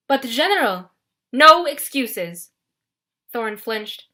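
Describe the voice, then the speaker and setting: Brief: expressive woman reading an audiobook, bright and crisp. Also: a little high. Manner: expressive first-person storytelling. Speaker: audiobook narrator. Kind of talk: scripted audiobook narration.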